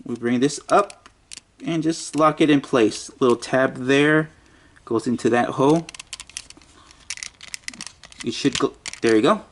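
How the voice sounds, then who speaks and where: A man's voice: mid-range voice, unhurried, pauses often, a little hiss or hum. A man giving a casual toy review, muttering and joking to himself as he handles the figure.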